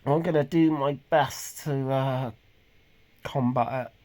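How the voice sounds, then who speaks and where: Middle-aged man, vlogger; halting, earnest, mid-pitched, restarts a lot. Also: steady tone, a little mellow. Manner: halting, hesitant, many pauses and restarts; earnest and emotionally raw. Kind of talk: personal confessional monologue.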